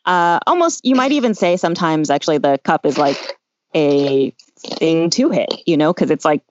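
Woman host on a video call, relaxed and chatty with fillers, lowish voice, muffled dry audio. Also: normal speed, a little hiss or hum. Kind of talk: casual online chat.

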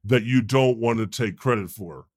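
A man's voice: mid-range voice, dry recording, studio quality, natural voice. An actor playing God as a teasing deity in improvised podcast comedy, mocking and giggling at his co-host. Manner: teasing, giggly, quick to mock.

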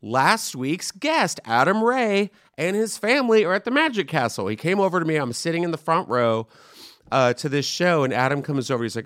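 A man hosting a podcast, telling a chatty, animated story in casual conversation. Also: a little high, fairly quick, dry recording, studio quality. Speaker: podcast host. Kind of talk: casual chat.

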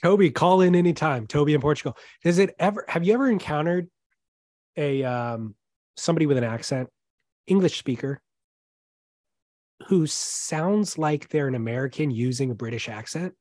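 A man's voice: a little high, lively intonation, normal speed, a little mellow, no echo, studio quality. A man co-hosting a podcast, in laid-back, joking casual chat. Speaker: podcast co-host.

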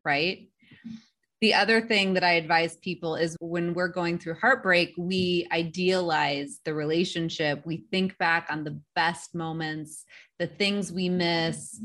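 A woman with a fairly low voice speaks as a therapist on a podcast. She talks calmly and in a measured way, laying out practical advice step by step. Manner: calm, measured, instructive. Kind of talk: advice-giving podcast talk.

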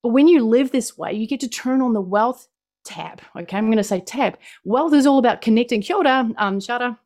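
A woman's voice: on the high side, brisk, darkish tone. Exuberant New Zealand woman speaker. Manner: exuberant, emphatic, repeats phrases for punch. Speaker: motivational speaker. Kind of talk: motivational presentation.

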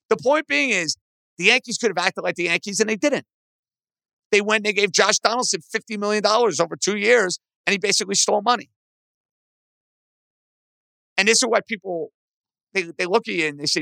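Gravelly, bright-voiced sports talk host. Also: male voice, brisk, long pauses, dry recording. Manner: animated, aggravated rants with rising pitch. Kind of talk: opinionated sports talk monologue.

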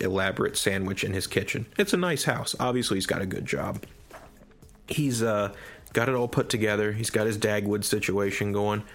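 A man co-hosting a podcast in casual chat, retelling a story with animated enthusiasm. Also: fairly low pitch. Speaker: podcast co-host.

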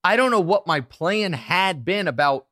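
A man in his thirties hosting a casual podcast, telling stories with quick asides. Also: high voice, no room sound, studio quality. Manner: animated storyteller, quick asides. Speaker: podcast host.

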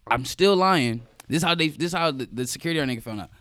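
A young man telling a story in casual chat, animated and slangy, cursing freely. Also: on the high side, quick pace, no echo.

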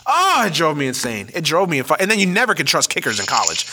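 A man's voice: on the high side, sing-song, rapid-fire, background noise. A man hosting a sports podcast, ranting casually with lots of cursing and stuttered restarts. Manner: profane, ranting, many restarts. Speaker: podcast host.

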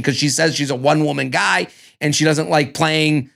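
A man co-hosting a podcast, chatting casually about a reality dating show, animated and cussing, now and then acting out cast members. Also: on the high side, normal speed, vocal fry. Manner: animated, swearing, acts out cast members in exaggerated voices. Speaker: podcast co-host. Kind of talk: casual reality-TV recap chat.

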